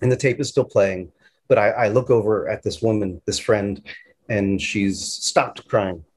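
A man acting a young man who tells a tender, halting story straight to the audience in a stage play. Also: lowish voice, slightly rough. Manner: halting, emotional storytelling with restarts. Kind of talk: theatrical monologue to the audience.

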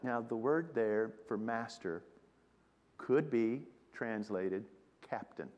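A man preaching a sermon, emphatic and deliberate, retelling scenes with drama. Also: mid-range voice, a little mellow. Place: church sanctuary. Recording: long reverb of a church hall.

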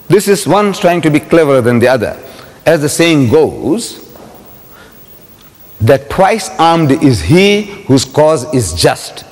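An older man from South Africa giving a public religious lecture, telling stories animatedly, acting out dialogue and repeating lines for emphasis. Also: a little high. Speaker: Islamic lecturer. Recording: reverberant lecture hall recording.

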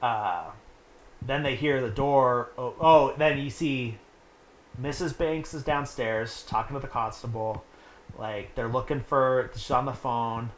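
A man's voice: medium pitch, measured pace. A young man casually recapping a movie plot, rambling and filling his talk with "like". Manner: rambling, heavy use of "like". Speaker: podcast host. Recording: echoey room with faint noise.

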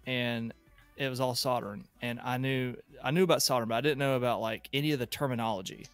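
A podcast co-host casually tells a long, rambling story about his early working days, restarting frequently. He talks fast in a smooth, mid-range voice with a steady tone, and faint music plays behind him.

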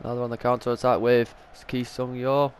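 A man's voice: mid-range voice, little pitch movement, brisk, a little hiss or hum. A man giving casual commentary over a football video game, with many filler sounds and sudden angry outbursts at the referee. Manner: frequent filler sounds, swears and shouts at the referee. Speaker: gaming YouTuber.

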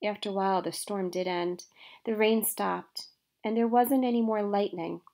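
A woman teacher reading a children's novel aloud to her students with expressive storytelling. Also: mid-range voice, normal speed, creaky.

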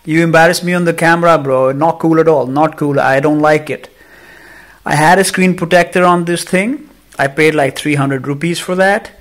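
A man with an Indian accent giving a casual phone review, ranting in an animated, exasperated way. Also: on the high side, moderate pace. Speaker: tech reviewer.

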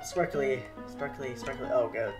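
A man giving casual, excitable commentary as he plays a game for the first time, swearing when startled. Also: medium pitch, unhurried, recorded from a distance. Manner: chatty, excitable, swears at surprises. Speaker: gamer. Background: game music.

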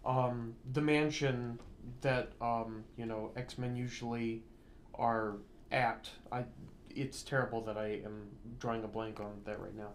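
A man's voice: mid-range voice, steady tone, unhurried, a little hiss or hum. Hesitant man trading movie remarks. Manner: hesitant, many ums, dry remarks. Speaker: co-host reviewer. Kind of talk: casual unscripted movie review chat.

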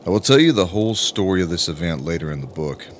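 A man narrating an audiobook in a grave, emphatic way with dramatic pauses. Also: low-pitched, very animated, slight background noise. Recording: music playing under the voice.

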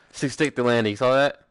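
A young male gaming streamer with a clean, mid-range voice and no echo chats loosely with friends as they play. He jokes, swears, and hums little tunes along the way.

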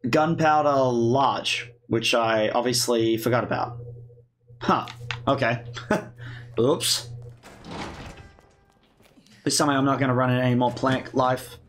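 A man's voice: mid-range voice, fairly even intonation, slow, long pauses, a little hiss or hum. A man giving casual, self-mocking gameplay commentary with sarcasm and swearing. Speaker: let's play gamer.

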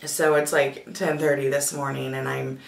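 A woman in her thirties, groggy and husky from allergies, chatting casually and rambling with many fillers in a home vlog. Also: very deep voice, flat delivery, normal speed, echoey room, distant mic. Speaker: vlogger.

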